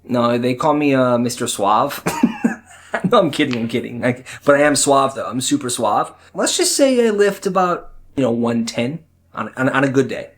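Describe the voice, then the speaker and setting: A man's voice: medium pitch, animated, normal speed, faint music behind, close to an everyday voice. A man voicing a cocky young man who brags about being suave, in a comedy sketch. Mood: boastful. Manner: boastful, smug.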